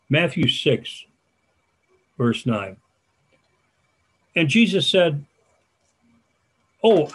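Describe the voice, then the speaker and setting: An older man preaching a sermon as a church elder, folksy and halting, with restarts and asides. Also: medium pitch.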